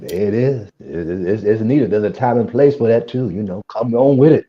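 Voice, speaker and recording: A man's voice: lowish voice, moderate pace. A man co-hosting a podcast, musing in a reflective, rambling way about spiritual ideas. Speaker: podcast co-host. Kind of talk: casual spiritual chat. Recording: dull lo-fi sound.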